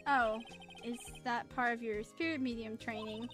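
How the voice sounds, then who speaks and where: Woman doing a deadpan young lawyer for a game read-through; high, light voice with dry delivery. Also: normal speed, soft background music, lightly acted. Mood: wry. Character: young male defense lawyer, dry and wry.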